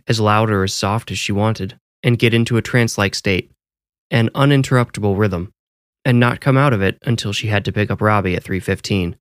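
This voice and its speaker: A male storyteller reads a scripted horror tale in a low voice. His delivery is measured and deliberate. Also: smooth, no echo, studio quality.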